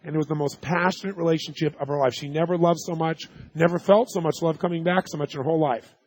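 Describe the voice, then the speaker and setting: A man's voice: on the high side, steady tone, fast talker, no echo. A man giving a live seminar talk, telling stories emphatically and quizzing the audience with yes-or-no questions. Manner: emphatic, storytelling delivery. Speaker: seminar speaker.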